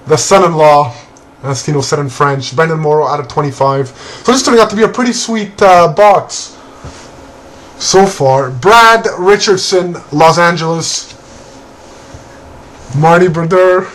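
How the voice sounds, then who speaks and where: A man hosting a card break, calling out player names and teams in a relaxed, casual way and laughing now and then. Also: fairly high pitch, measured pace, low-quality recording. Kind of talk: casual card-opening commentary.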